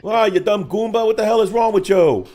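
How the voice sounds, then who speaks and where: A man's voice: sits high, fairly quick, a little mellow, faint music behind, voice pushed up, lightly acted. A man voicing a mouthy New York mob goon in an exaggerated put-on New York accent. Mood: taunting. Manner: brash, taunting, exaggerated.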